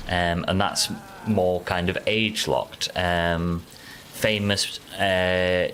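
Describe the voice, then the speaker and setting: A man's voice: low voice, a bit bright, slight background noise. A man with a mild Yorkshire accent chatting casually while playing a video game, rambling through answers to chat and muttering to himself over the gameplay. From Yorkshire, England. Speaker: gaming streamer.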